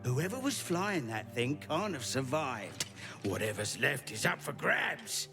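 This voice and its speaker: A man's voice: mid-range voice, sing-song, unhurried. An actor playing a small, surly male bandit, in a game. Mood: scornful. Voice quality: gravelly, contemptuous. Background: game music.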